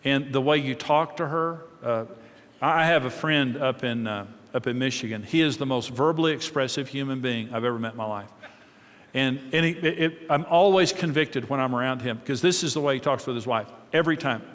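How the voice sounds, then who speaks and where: This middle-aged man has a mid-range, fairly bright voice and talks fairly quickly. He gives a conversational teaching talk on marriage to a live audience, repeating words and sharing stories, with the long reverb of a large hall around him.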